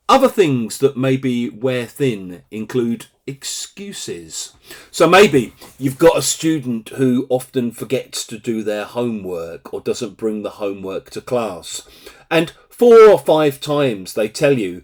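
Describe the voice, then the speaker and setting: Lively, chatty male English teacher. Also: fairly low pitch, slow. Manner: lively, chatty, acts out little quoted scenes. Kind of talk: explaining a phrase to learners.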